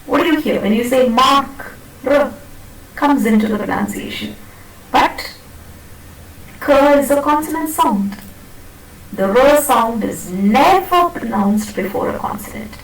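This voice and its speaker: In an echoey classroom, picked up by a distant mic, a woman with a fairly high, animated voice teaches pronunciation. She speaks a little slowly and pauses often, patiently repeating and demonstrating words and checking that her students are following.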